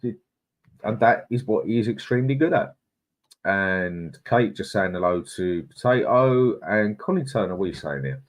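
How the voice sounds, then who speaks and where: A man's voice: on the low side, lively intonation, moderate pace. A man, co-hosting a live stream and reading viewer comments in a blunt, chatty way. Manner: chatty, blunt and opinionated, with frequent "mate" and laughs. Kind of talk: casual live-stream chat.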